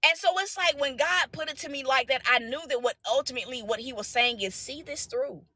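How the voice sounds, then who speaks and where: Animated high-voiced woman preaching casually. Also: fast, no room sound. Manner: animated, preachy, rhetorical questions, slangy. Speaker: vlogger sharing a faith message. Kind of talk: casual live talk to viewers.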